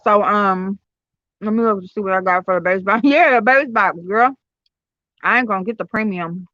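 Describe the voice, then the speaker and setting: A woman's voice: mid-range voice, normal speed, a bit bright, no room sound. A woman, hosting a casual livestream at home, telling stories loosely with lots of fillers and cursing. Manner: loose, profane, storytelling with many fillers. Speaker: livestream host chatting with viewers. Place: at home, indoors. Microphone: streaming software on computer or phone. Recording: slightly dull lo-fi stream audio.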